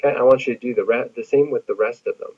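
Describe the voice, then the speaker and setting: Husky-voiced man teaching Spanish grammar. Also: medium pitch, racing. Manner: patient, explanatory, many fillers. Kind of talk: recorded classroom lecture. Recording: tinny phone-like audio.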